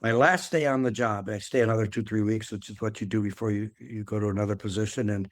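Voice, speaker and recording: A man's voice: on the low side, fairly even intonation, quick pace, no echo. An older man, a guest in an interview, telling a long career story in a rambling way, often repeating words and filling with "uh". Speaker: guest, former athletic director. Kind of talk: conversational storytelling.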